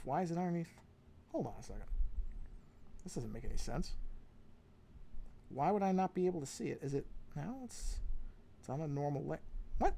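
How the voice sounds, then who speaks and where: A man's voice: medium pitch, a little mellow. A man chatting casually while drawing on a live stream, rambling and self-deprecating as he talks himself through his work on a podcasting microphone.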